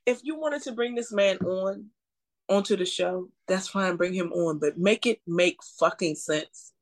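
A woman's voice: medium pitch, unhurried. A woman co-hosting a podcast in casual chat, ranting bluntly and with exasperation, swearing often. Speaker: podcast co-host.

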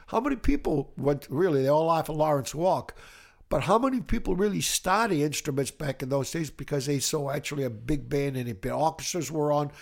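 An older man from Italy with a light Italian accent, a music educator telling animated, rambling stories with many restarts in a casual interview. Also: fairly high pitch. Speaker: music educator, podcast guest.

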